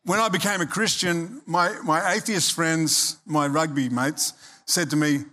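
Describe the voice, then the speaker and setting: A man's voice: a little high, fairly even intonation, measured pace, sharp tone. A man in his sixties preaching a sermon as pastor, talking conversationally, checking in with the congregation and slipping in humorous asides.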